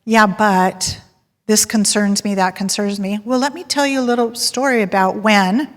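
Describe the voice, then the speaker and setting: A woman giving a sales talk to a live audience, telling stories and polling the crowd with a lively, laughing manner. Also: fairly high pitch. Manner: lively storyteller, polls the audience and laughs often. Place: large hall with audience. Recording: long hall reverb.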